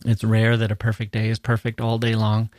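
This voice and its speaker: A man's voice: on the low side, monotone, brisk, darkish tone, no echo. Playful man lecturing on poetry, dry sound. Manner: playful, reads verse lines aloud and taps out rhythms. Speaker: podcast host. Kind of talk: enthusiastic literary lecture.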